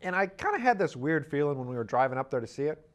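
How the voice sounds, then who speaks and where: A man's voice: a little high, sing-song, quick pace. A man hosting a podcast, telling a rambling, wry comic story and slipping into silly voices for the people in it. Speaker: podcast host. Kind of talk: casual comic monologue.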